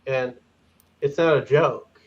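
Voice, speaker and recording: A man's voice: mid-range voice, steady tone, slow pace, dull audio. A man on a panel, giving his opinions in casual chat, talking hesitantly with repeated words and restarts. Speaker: panel guest.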